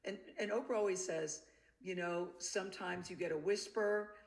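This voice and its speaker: A woman telling a personal story in an interview, bringing each quoted voice to life as she goes. Her delivery is lively and expressive. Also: fairly low pitch, normal speed. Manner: animated, acts out the quoted voices. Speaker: interview guest.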